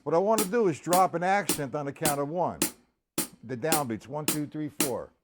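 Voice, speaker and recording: A man's voice: on the high side, lively intonation, moderate pace. Casual man teaching drums live. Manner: casual, greets viewers by name while teaching; counts beats aloud. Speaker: drum teacher. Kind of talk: live-streamed drum lesson. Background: drums and music.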